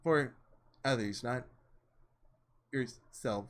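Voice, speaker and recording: A man voicing a sorrowful young woman who was once a saint, read slowly and heavily. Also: medium pitch, pitched below the performer's own voice. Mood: despairing. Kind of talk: reading visual novel lines aloud.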